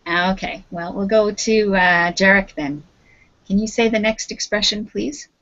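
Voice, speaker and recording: Over dull, lo-fi video call audio, a woman with a Canadian accent leads an English lesson, patiently coaxing her students along. She speaks a little slowly with a medium-pitched, fairly bright voice.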